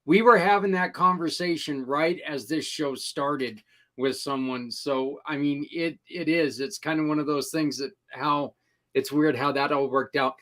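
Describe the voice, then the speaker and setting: A man's voice: on the high side, measured pace, a bit bright. A man hosting a podcast, emphatic and insistent as he asks his guest questions. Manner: emphatic, insistent, repeats "literally". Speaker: podcast host. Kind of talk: conversational interviewing.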